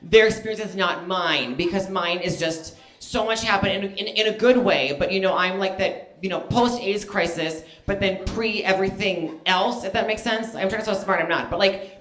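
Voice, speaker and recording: A man's voice: high-pitched, moderate pace, a bit bright, roomy sound. A man in his thirties performing a stand-up comedy set on stage, chatty and self-deprecating, full of fillers and asides. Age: 30s. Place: stage in front of a live audience.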